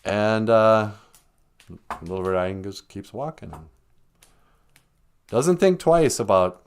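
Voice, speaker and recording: A man's voice: lowish voice, expressive, unhurried, long pauses, clear, resonant tone. A man telling a folk tale casually on a live stream, rambling with joking asides and self-corrections. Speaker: storyteller.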